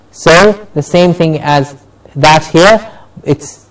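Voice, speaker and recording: A male pronunciation teacher leading a class, modelling words slowly and carefully so students can repeat them. His voice sits a little high and his pace is unhurried and drawn out. He is picked up from a distance, away from the microphone. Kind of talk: classroom lesson. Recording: voice from far off the mic.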